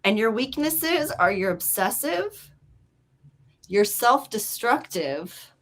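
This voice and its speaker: A woman's voice: a little high, very animated, slow, a bit bright. A woman in her forties hosting a casual livestream, chatty and laughing as she reads out personality traits. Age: 40s. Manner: chatty, laughing, spells out hard words. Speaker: livestream host reading birthday personality traits. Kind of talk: casual live chat.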